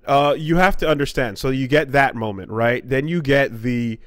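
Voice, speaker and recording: A man co-hosting a casual podcast, ranting with profanity and jumping into quick high-pitched impressions of characters. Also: dry recording, clean studio sound. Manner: animated, profane, acts out character quotes in sudden high voices. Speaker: podcast co-host.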